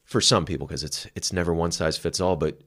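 A man's voice: sits low, brisk, fairly bright tone. A man co-hosting a podcast, talking candidly and reflectively about his past, swearing casually. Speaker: podcast co-host. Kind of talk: candid conversational chat.

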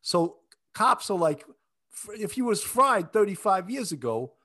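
Male host, slightly high voice, casual interviewer. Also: very animated, unhurried, sharp tone. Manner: casual, thanks viewers, asks short questions. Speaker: podcast host. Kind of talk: interview talk.

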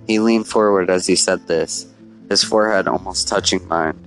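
Low-voiced male storyteller. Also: fairly even intonation, moderate pace, soft background music, low-quality recording. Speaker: narrator. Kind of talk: first-person story narration.

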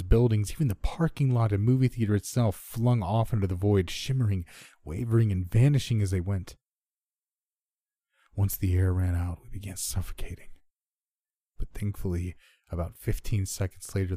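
A man with a very low, mellow voice reads a horror story in a measured, steady way. The recording is close and dry. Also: dry recording. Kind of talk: scripted horror narration.

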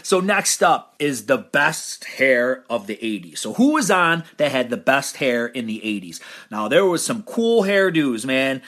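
A man's voice: mid-range voice, big pitch swings, unhurried, few pauses, fairly bright tone. A man with an American accent hosting a podcast award show, announcing winners in a playful, upbeat way. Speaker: podcast host.

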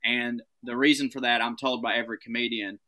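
A man with a Southern American accent, a stand-up comedian telling stories in an animated, profane, casual chat. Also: medium pitch, a little fast. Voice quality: animated storytelling, swearing freely.

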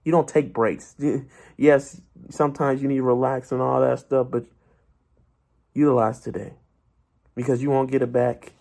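A man's voice: medium pitch, fairly even intonation, moderate pace, gravelly, long pauses, a little mellow. Young man giving a rousing devotional vlog talk. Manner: preachy, rousing, rhetorical questions to viewers. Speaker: Christian vlogger.

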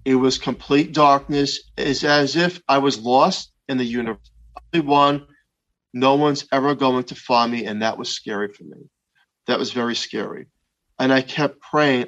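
Man in his fifties, earnest halting storyteller, mid pitch, slightly muffled recording. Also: steady tone, fairly bright tone. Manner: slow, halting, earnest retelling with many restarts. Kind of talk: personal testimony of a near-death experience.

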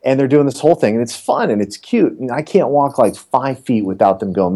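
A man's voice: medium pitch, fairly quick, hardly any pauses. A middle-aged man, a real estate coach, telling stories and joking in a casual interview. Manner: animated, joking storyteller.

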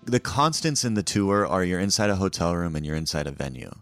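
A man, a comedian, telling a story about life on tour in a relaxed, wry way, acting out the lines he quotes. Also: low voice, a little fast, faint music behind. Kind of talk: casual podcast storytelling.

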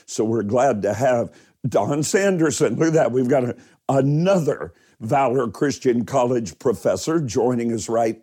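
A male pastor delivers a livestreamed sermon at an unhurried, deliberate pace. His voice is dark and mellow, and he presses hard on key words and drawn-out phrases. He breaks off now and then to greet viewers by name. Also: medium pitch, husky. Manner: emphatic preaching, stretching key words slowly.

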